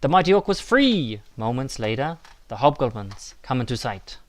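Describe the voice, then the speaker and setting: A man narrating a children's story in a slow, measured, expressive way. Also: medium pitch.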